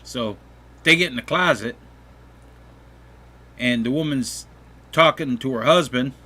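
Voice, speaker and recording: Bright folksy man telling a joke. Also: medium pitch, a little slow. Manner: folksy, relaxed storytelling with restarts. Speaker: gaming channel host. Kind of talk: telling a joke over gameplay.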